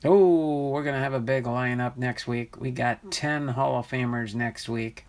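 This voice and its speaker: A man's voice: mid-range voice, level tone, normal speed. A man hosting a live stream, reading viewers' comments, laughing and trying out pronunciations in a chatty way. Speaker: livestream host. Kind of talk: casual live chat with viewers.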